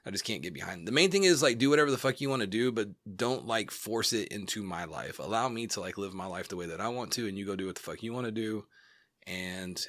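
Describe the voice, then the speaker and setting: A man's voice: on the low side, animated, quick pace, fairly bright tone, no echo, studio quality. A man co-hosting a podcast in casual chat, rambling with lots of fillers and blunt, profane opinions. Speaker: podcast co-host. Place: home studio. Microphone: studio mic.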